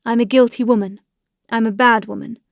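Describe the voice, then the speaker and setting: A woman's voice: on the high side, steady tone, a little fast, vocal fry, dry recording. A woman voicing a guilty young wife who speaks timidly but earnestly, in a dry, close recording.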